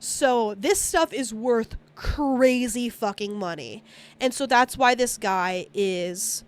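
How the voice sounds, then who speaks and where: A woman's voice: fairly high pitch, slow. A woman streamer casually recapping a movie, rambling, swearing often and acting out the characters' lines. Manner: rambling, frequent swearing, acts out character quotes.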